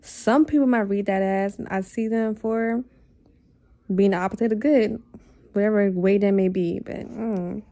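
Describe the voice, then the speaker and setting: A young woman with a gravelly, creaky voice and a dark, mellow tone vents to her camera. She talks in a blunt, exasperated way, tossing in filler words as she rants. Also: mid-range voice, fairly even intonation, measured pace. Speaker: vlogger. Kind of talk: casual rant to camera.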